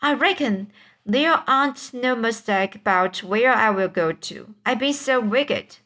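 A woman's voice: on the high side, animated, measured pace, fairly bright tone. A woman voicing Huck, a timid, superstitious boy whispering in fear in a storybook reading. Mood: fearful. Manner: fearful whispering.

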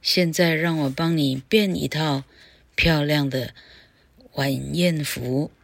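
Woman voicing a kind fairy godmother, low voice, slow storybook reading, dry close sound. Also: steady tone, vocal fry, no echo, exaggerated voice. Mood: kindly.

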